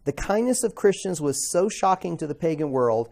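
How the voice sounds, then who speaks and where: A man teaching a classroom Bible lesson in a conversational way, asking the class questions and acting out quoted voices with sudden loud outbursts. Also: on the high side, big pitch swings, normal speed, vocal fry, hardly any pauses.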